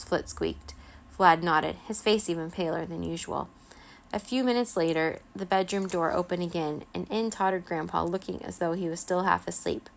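A woman narrating a children's chapter book aloud, steady and expressive. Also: on the low side, moderate pace, creaky. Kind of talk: children's storybook reading.

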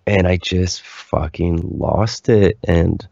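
A young man with a very deep voice and a gravelly, fry-laden texture tells his story candidly, looping through "like" fillers as he goes. The recording is dull, lo-fi and dry. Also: takes it slowly, dark tone, no echo. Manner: rambling, candid, lots of "like" fillers. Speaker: musician guest. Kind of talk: casual interview storytelling.

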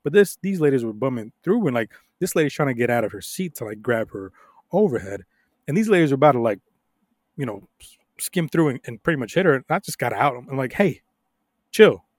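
A young adult man co-hosting a podcast, telling stories in a casual, profane, animated way with frequent laughs. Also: mid-range voice, fast, dry recording, studio quality. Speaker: podcast co-host.

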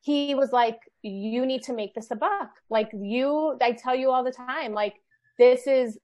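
A woman in her thirties tells a story about family life in a loose, animated way. Her voice sits a bit high. She leans on "like" and "you know" as she goes. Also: measured pace. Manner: animated storyteller, lots of "like" fillers. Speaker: guest, children's book author. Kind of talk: casual podcast chat.

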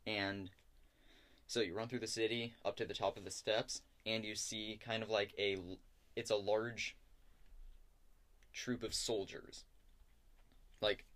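A man with a fairly low voice runs a tabletop game, narrating scenes in a casual, halting way. He pauses often and fills gaps with likes and ums. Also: fairly even intonation, fairly bright tone. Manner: hesitant, many fillers and likes. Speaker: game master.

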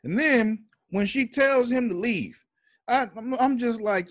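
A man's voice: very high-pitched, expressive, measured pace, no echo. A man co-hosting a podcast in casual chat, laid-back and agreeable, swearing freely. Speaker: podcast co-host.

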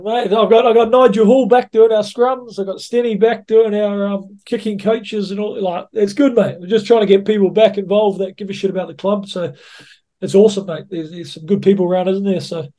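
A man's voice: high voice, fairly even intonation, brisk, mellow. A man, a rugby coach telling blunt, sweary stories as a podcast guest and calling everyone "mate". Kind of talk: casual anecdote-telling.

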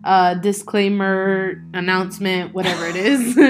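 A woman's voice: mid-range voice, measured pace. Young woman on a podcast, lots of mm-hmms and laughing, faint music behind. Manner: listens with steady "mm-hmm", laughs easily. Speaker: podcast co-host. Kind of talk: casual chat.

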